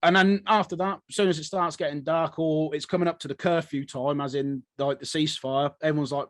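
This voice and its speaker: A man's voice: fairly high pitch, fairly even intonation, fairly quick, hardly any pauses, no echo. Chatty man, rambling with laughs. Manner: rambling, laughs often, acts out quotes. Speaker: podcast co-host. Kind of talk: casual history chat.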